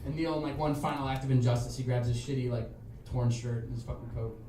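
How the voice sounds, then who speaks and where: A man's voice: medium pitch, steady tone, quick pace, dark tone, far from the mic, slight background noise. A man telling a rambling, profane story on stage at a live show, laughing along as he goes. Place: small music bar, live show. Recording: echoey live club, mic heard from afar. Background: band music.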